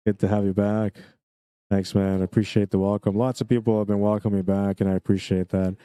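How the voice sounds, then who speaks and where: A man with a Canadian accent giving relaxed, chatty live commentary on a pool match and greeting viewers by name. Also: fairly low pitch, moderate pace, smooth, dry recording.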